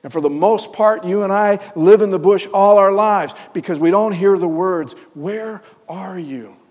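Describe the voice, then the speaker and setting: A man preaching a sermon, swinging from loud, fervent build-ups to hushed, almost whispered lines. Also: sits high, moderate pace, in a large hall. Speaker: pastor.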